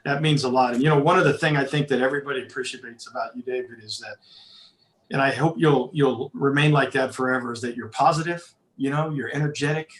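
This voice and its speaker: A man's voice: mid-range voice, fairly even intonation, fast, fairly bright tone. Earnest radio guy, lots of "you know", echoey room around him. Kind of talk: radio interview. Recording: roomy echo.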